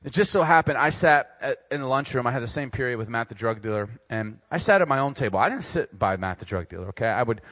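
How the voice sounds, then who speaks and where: A man's voice: medium pitch, fast, few pauses, no echo. A man preaching a sermon, telling a funny, self-deprecating story about himself and laughing along. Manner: animated, self-deprecating, laughs at his own jokes.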